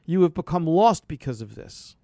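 A man's voice: a little high, sing-song, normal speed, mellow, dry recording. A man hosting a radio health show, delivering an impassioned, repetitive, preachy monologue into a studio microphone.

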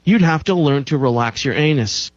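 Emphatic man with a higher voice, dry lo-fi. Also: animated, moderate pace, no room sound. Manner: emphatic, repeats key phrases for effect. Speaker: show host. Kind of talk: health talk monologue.

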